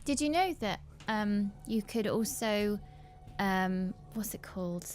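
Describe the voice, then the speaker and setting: A woman's voice: mid-range voice, lively intonation, slow, darkish tone, faint music behind. A woman chatting casually on a livestream, rambling with frequent laughs.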